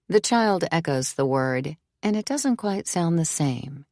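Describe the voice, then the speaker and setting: A woman narrating an audiobook in a measured, even storytelling manner. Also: extremely low pitch, no room sound, clean studio sound. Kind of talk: scripted narration.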